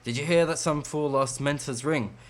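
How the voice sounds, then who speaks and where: A man voicing a worldly male battle mage in a put-on accent, handing out measured advice to newcomers. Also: fairly high pitch, close to an everyday voice. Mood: advising.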